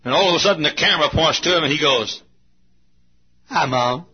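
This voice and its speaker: A man preaching a sermon in a church, folksy, swinging from low asides to shouts. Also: very fast, a little hiss or hum. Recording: muffled lo-fi recording.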